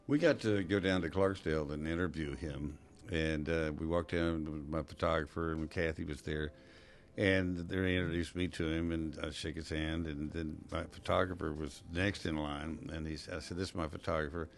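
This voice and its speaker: A man's voice: rumbling low, steady tone, moderate pace. A male talk show host in casual conversation, telling stories and acting out quoted voices. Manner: storytelling, acts out quoted voices. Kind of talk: casual chat.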